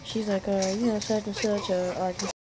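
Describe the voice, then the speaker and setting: A man's voice: high voice, level tone, normal speed, music in the background, poor audio. A young man tells a casual, rambling story while playing a game, acting out what people said in raised voices. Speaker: gaming video creator.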